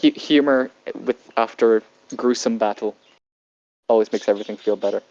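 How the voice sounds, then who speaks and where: A woman's voice: rumbling low, darkish tone, muffled recording. A woman running a tabletop game as game master, narrating with many fillers and restarts. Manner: halting, filler-heavy narration.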